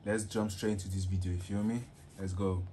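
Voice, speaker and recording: A man hosting a reaction video, chatting casually in a relaxed, slangy way. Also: low-pitched, brisk. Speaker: reaction YouTuber.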